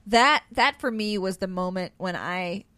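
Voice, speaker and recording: A woman's voice: mid-range voice, a little slow, fairly bright tone. A woman co-hosting a movie podcast, talking through ideas thoughtfully. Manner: thoughtful, analytical. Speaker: podcast co-host. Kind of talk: casual movie discussion.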